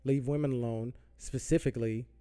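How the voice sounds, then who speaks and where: Man ranting heatedly, mellow voice. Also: mid-range voice, fairly even intonation, a little fast, clear, resonant tone. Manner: profane, heated, repetitive. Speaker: podcast host. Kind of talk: political rant. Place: Southern California.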